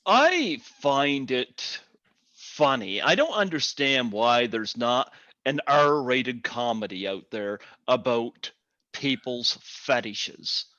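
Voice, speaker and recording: A man's voice: medium pitch, big pitch swings, slow pace, bright, forceful tone, no room sound. A man hosting a podcast, musing in casual chat. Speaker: podcast host. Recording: dull, dry sound.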